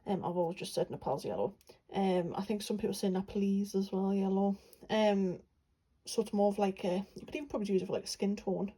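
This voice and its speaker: Chatty young woman with a mellow voice. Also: medium pitch, level tone, fast talker, slightly rough, rough recording. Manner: chatty, rambling, many fillers. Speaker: art vlogger. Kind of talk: casual chat while swatching paints.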